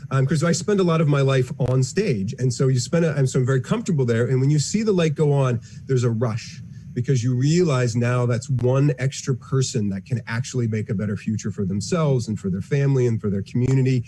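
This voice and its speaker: A man's voice: medium pitch, fairly quick, warm tone, a little hiss or hum. A man in an interview, talking about engineering and the future with earnest enthusiasm. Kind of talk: interview answers.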